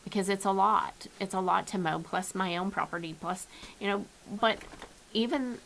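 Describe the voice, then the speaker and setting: A woman's voice: mid-range voice, moderate pace, creaky, a bit bright, slight background noise, poor audio. A woman giving an informal devotional message from home, speaking earnestly, often repeating and restarting her words. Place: at home, with her dog nearby.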